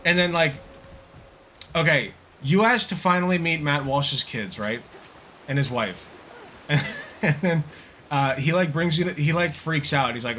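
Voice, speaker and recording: A young male streamer riffs at length with swearing and jokey tangents over a game. His voice is bright and edgy at a middle pitch, with faint background hiss. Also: a little fast. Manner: rambling, profane, joking riffs. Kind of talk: casual livestream commentary while gaming.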